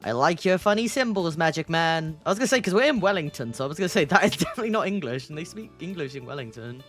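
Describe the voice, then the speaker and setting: Chatty, giggly streamer with a mid pitch and lively swings, faint music behind. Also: fast talker. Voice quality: giggly, chatty, laughs often. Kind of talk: reading a text game aloud and chatting.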